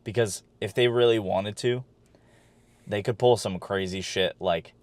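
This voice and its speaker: A man's voice: lowish voice, fairly even intonation, unhurried, a little mellow, no room sound. A man co-hosting a podcast, chatting casually and rambling a bit, with fillers and the odd swear. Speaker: podcast co-host. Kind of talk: casual wrestling chat.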